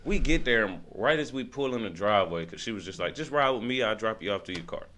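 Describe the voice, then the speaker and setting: A man's voice: on the low side, fast. A man telling a long story in casual chat, laughing often and acting out what others said. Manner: animated, laughing, acts out quoted lines. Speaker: podcast guest.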